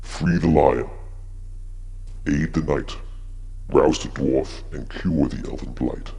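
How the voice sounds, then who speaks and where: A man's voice: slow pace, dark tone, full character voice. A man voicing an ancient spirit that speaks in solemn rhyming pronouncements and gives out a quest. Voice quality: deep gravelly.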